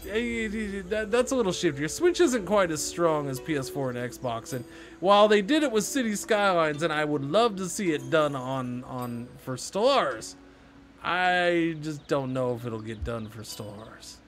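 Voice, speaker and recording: A slightly high-voiced man talks his way through a strategy game on a live stream, muttering to himself and tossing sarcastic replies to chat. Faint music plays under his voice. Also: animated, normal speed. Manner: chatty, self-talking, sarcastic asides to chat. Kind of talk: casual live-stream gameplay commentary.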